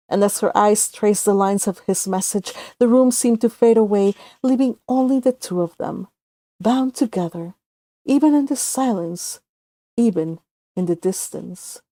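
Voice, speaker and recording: Woman storyteller, mellow, emotive reading, dry close sound. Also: on the high side, dry recording. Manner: soft, emotive, with occasional self-corrections. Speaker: fanfic author and reader. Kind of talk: storytelling narration.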